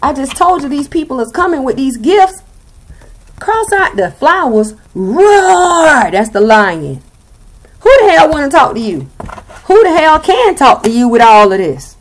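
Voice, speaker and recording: A woman's voice: high-pitched, very animated, normal speed. A young woman with a Southern US accent giving a blunt, sassy tarot reading and swearing freely. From Southern United States. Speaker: tarot reader.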